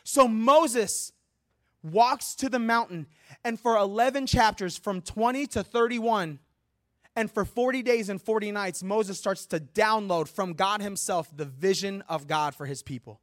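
High-voiced, animated male preacher. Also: moderate pace. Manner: animated, humorous, conversational preaching. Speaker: guest preacher. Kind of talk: sermon. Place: church.

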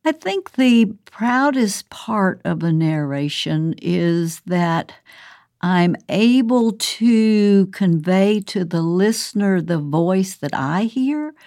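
A woman's voice: medium pitch, expressive, slow, a little mellow, no echo, studio quality. An older woman from the American South, an author speaking casually about her work, chatty and often laughing. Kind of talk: casual recorded monologue.

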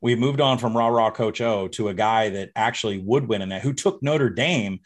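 A college football betting guest from Arkansas chats casually on a podcast, making confident, emphatic predictions. His voice is lowish and his pace normal.

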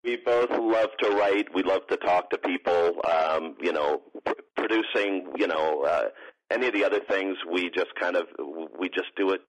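A man's voice: low-pitched, moderate pace, rough recording. A man, co-founder of a sports organization, chatting casually as a radio interview guest, rambling with many restarts and fillers. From grew up partly in Morocco.

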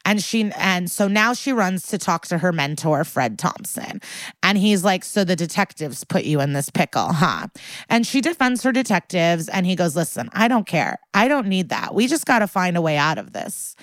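A woman's voice: lowish voice, normal speed, no room sound. A woman co-hosting a podcast, recapping a TV episode in casual chat and acting out the characters' lines as she goes. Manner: animated, acts out the characters' lines. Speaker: podcast co-host.

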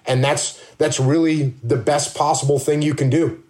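A man's voice: a little high, steady tone, normal speed, darkish tone. A man speaking as a leadership consultant in a casual podcast conversation, blunt and emphatic, often firing rhetorical questions.

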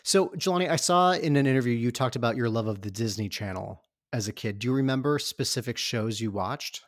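A man's voice: medium pitch, fairly quick, no echo, clean studio sound. A man from Michigan hosting a casual interview, upbeat and enthusiastic with his guest. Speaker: podcast host.

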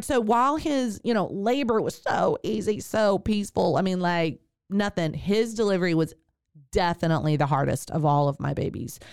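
A woman's voice: medium pitch, darkish tone, clear, resonant tone, no room sound, studio quality. A woman, hosting a podcast and telling a personal birth story, then giving chatty advice straight to her listeners. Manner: chatty, with fillers and direct address to listeners. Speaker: podcast host and birth worker.

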